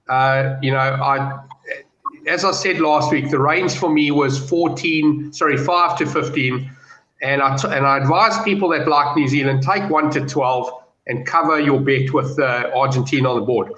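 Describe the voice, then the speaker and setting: A man giving confident betting views and telling stories in a casual panel chat over a video call. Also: a little high. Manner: animated, storytelling, confident. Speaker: betting pundit. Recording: roomy, dull lo-fi call audio.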